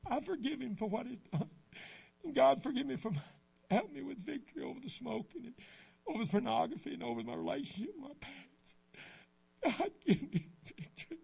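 A man acting out a remorseful teenage boy, praying aloud at the altar in a loud, pleading, fervent way. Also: extremely high pitch, lively intonation, moderate pace, gravelly, slightly rough, pitched above the performer's own voice, exaggerated voice.

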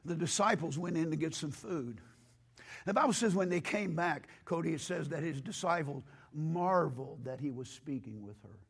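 A male pastor preaching a sermon in a church with impassioned, rising delivery, hoarse from losing his voice. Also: fairly high pitch, expressive, normal speed.

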